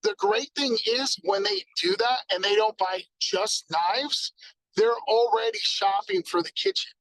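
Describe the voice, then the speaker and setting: A man giving an energetic sales training talk, acting out exchanges with customers. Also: high-pitched, measured pace, dry recording, poor audio.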